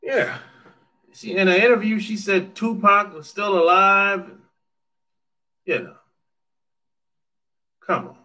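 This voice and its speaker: A man's voice: high voice, slow, pauses often, sharp tone. A man chatting casually on a livestream, joking, swearing freely and laughing often as he answers viewer comments. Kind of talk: casual chat.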